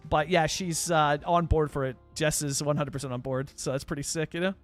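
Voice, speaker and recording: A young Canadian man with a high, bright, forward voice talks through a live game stream. He rambles in a loose, chatty way, packing in fillers as he answers viewer chat. Soft music plays faintly underneath. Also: sing-song, a little fast, no room sound. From British Columbia, Canada. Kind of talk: casual live-stream chat while playing a city-building game.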